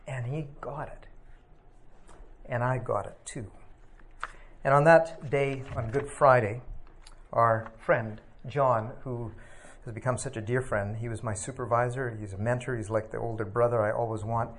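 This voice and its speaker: A middle-aged man giving a personal testimony, reflective and halting, with many pauses and filler sounds. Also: mid-range voice, fairly even intonation, slight background noise. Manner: reflective, halting with frequent ums and uhs. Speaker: speaker sharing a personal testimony.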